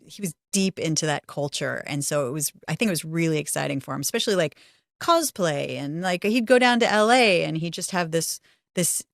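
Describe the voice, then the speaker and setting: A woman's voice: deep voice, vocal fry, dry recording, clean studio sound. A middle-aged woman co-hosting a podcast, chatty and giggly, often restarting her sentences. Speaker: podcast co-host. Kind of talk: casual podcast chat.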